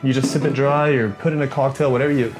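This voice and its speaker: A man's voice: mid-range voice, steady tone, fast talker, darkish tone, soft background music. A man co-hosting a comedic whisky review, playful and enthusiastic, often repeating himself. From Canada. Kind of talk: comedic banter.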